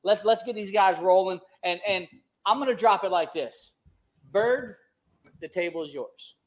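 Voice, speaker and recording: A man's voice: sits high, normal speed. A man hosting a sports radio show in casual chat, upbeat and playful, with a sing-song delivery.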